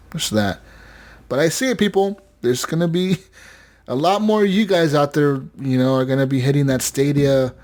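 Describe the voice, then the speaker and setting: A man's voice: on the high side, a little mellow. A man co-hosting a gaming podcast, chatting casually and swearing a lot as he rambles and acts out quotes in mocking voices. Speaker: podcast co-host. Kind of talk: casual chat.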